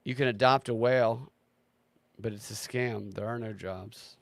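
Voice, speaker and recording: A man's voice: on the low side, fairly even intonation, a little slow, creaky, no room sound. A man hosting a livestream, talking casually in a sarcastic, ranting way and swearing freely. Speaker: livestream host.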